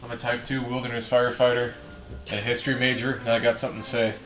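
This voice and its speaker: A man's voice: mid-range voice, little pitch movement, fast talker, fairly bright tone, soft background music. Laid-back young man. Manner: laid-back, enthusiastic storyteller. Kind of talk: casual chat. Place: small room around a table. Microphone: table microphone. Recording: echoey room.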